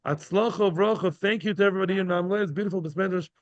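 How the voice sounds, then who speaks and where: Male Talmud teacher, high pitch, live class in a study hall, repeats and checks in with listeners, dull recording. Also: fast talker. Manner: translates each phrase and repeats himself, checking in with "yeah?".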